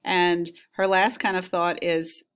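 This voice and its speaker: A woman's voice: on the low side, flat delivery, takes it slowly, fairly bright tone, clear, resonant tone. Casual woman teacher explaining a text. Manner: casual, with frequent "right?" and fillers.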